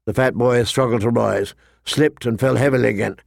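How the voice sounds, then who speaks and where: A man narrating a fantasy novel in a measured, steady storytelling voice. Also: medium pitch, vocal fry, dry recording, clean studio sound. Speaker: audiobook narrator.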